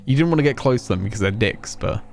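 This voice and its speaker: A man's voice: fairly low pitch, animated, quick pace, gravelly, a little mellow. Chatty man streaming a game. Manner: chatty, rambling, self-mocking. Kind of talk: casual let's play commentary.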